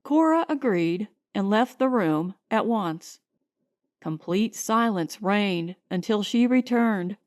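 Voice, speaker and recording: A woman narrating an audiobook in a measured, expressive storytelling manner, recorded at home. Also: mid-range voice, dry recording, clean studio sound. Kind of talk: scripted narration.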